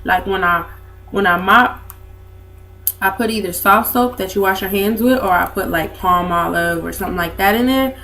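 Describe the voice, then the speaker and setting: A woman's voice: medium pitch, moderate pace, sharp tone, soft background music. A young woman, rambling in a casual vlog with lots of fillers. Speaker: vlogger. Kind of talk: casual chat to camera.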